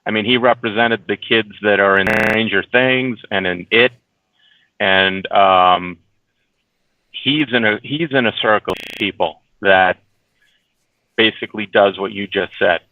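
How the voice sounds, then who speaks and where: A low-pitched man speaks earnestly as an interview guest, often restarting and repeating words as he goes. His voice comes through a thin, tinny phone line with no room sound. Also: measured pace, no echo. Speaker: documentary producer, interview guest. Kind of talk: casual remote interview.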